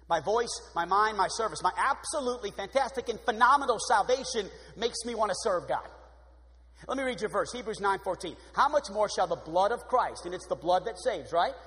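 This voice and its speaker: Male preacher with a high voice and an animated sermon delivery, recorded with a long hall reverb. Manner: animated, shifts from loud exclamations to hushed prayer voice. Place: church sanctuary. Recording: long echo of a large hall.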